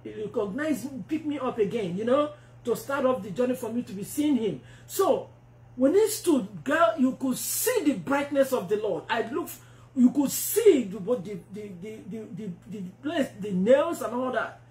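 A woman preacher telling a testimony in a sermon, animated and acting out the voices she quotes. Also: a little high, normal speed. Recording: roomy echo.

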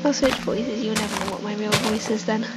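A woman's voice: medium pitch, fairly even intonation, fast talker, rough recording. A teenage girl talking to herself in a half-whisper while playing a building game, recorded on a headset mic at home. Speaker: gaming channel host. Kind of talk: casual game commentary. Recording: loud music underneath.

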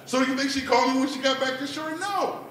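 A man's voice: extremely high pitch, fast, a bit bright, a little hiss or hum. A man doing a laid-back stand-up comedy set at an open mic, peppering his lines with "man" and "like". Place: bar performance room. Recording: echoey room, mic heard from a distance.

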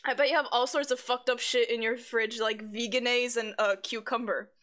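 A woman's voice: a little high, fairly even intonation, normal speed, a bit bright. A woman live streamer in casual chat, reading her chat aloud, swearing freely and giggling often. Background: faint background music.

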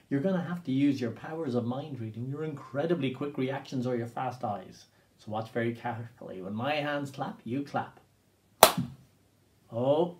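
A man with a medium-pitched, slightly mellow voice teaches drumming, leading children through an interactive percussion class. Hailing from Ireland, he's upbeat and coaxing, counting beats aloud for listeners to repeat.

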